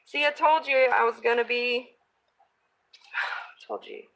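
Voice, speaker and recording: A woman's voice: on the high side, fairly even intonation, unhurried, fairly bright tone. A woman crafting vlogger chatting casually as she works and thinks aloud, reading viewer comments. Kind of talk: casual live-stream crafting chat.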